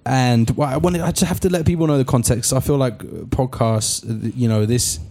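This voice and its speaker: A man's voice: medium pitch, a little fast, mellow. A young British man hosting a casual podcast, swearing and joking freely. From England. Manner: swearing, joking, laughing often. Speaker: podcast host.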